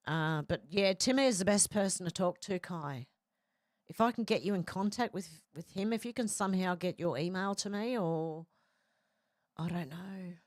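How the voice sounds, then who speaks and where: A woman's voice: fairly low pitch, dry recording, clean studio sound. A woman hosting a casual livestream, reading out viewer comments and rambling between them with many fillers and restarts. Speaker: livestream host reading chat.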